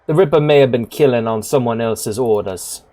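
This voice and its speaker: A man's voice: mid-range voice, moderate pace, dark tone, natural voice. A man reading the lines of a hardened woman shadowrunner in a blunt, clipped way, close to his own voice. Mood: terse.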